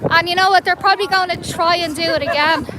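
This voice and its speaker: High-voiced Irish woman addressing viewers. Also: fairly even intonation, fast. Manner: urgent, rhetorical, repeats questions. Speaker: street protester livestreaming. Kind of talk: impassioned livestream address to viewers. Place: outdoors on a city street. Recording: street noise and traffic behind.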